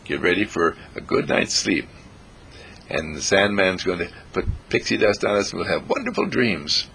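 A man with a gravelly, husky voice narrating a bedtime story softly and soothingly to children. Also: low voice, very animated, normal speed, a little hiss or hum. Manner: soft, soothing, addressing children.

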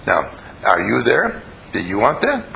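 A man's voice: fairly low pitch, huge pitch swings, measured pace, vocal fry, pushed and bright, slight background noise, poor audio. A man leading a live group, questioning and coaxing the audience and telling stories as he teaches. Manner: storytelling. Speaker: group leader teaching a class. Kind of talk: interactive talk to a live group.

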